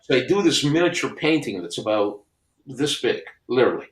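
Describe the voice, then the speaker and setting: A man's voice: mid-range voice, fairly quick. Middle-aged man telling stories in an echoey room. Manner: animated storyteller acting out other people's lines. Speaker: guest album cover artist. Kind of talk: casual storytelling interview. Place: home studio with framed records on the wall. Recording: roomy echo.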